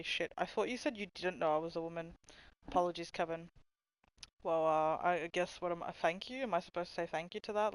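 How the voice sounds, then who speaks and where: A young woman livestreamer with a low, smooth voice that gets mistaken for a man's. She chats with her viewers casually and sarcastically, swearing freely and laughing often. The sound is dry and close. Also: no room sound, low-quality recording. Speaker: livestream host. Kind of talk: casual chat reading stream comments.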